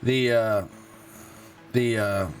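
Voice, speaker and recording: A man hosting a live online show in casual chat, halting often with fillers and restarts. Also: on the low side, fairly even intonation, faint music behind. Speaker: host of a live game stream show.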